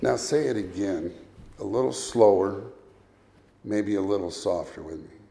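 A man preaching a sermon as a pastor, speaking deliberately and leading his listeners through recited scripture. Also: on the low side, gravelly, mellow. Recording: echoey room.

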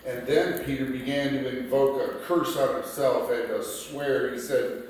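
A man preaching a sermon, reading scripture passages aloud and explaining them in a slow, deliberate way. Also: mid-range voice, fairly even intonation. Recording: echoey room picked up from a distance.

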